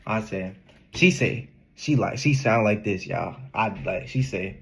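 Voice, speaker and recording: A young man telling a casual storytime in an animated, slangy way, laughing often. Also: fairly low pitch, a little slow, vocal fry, husky, muffled recording. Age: young adult. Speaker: vlogger.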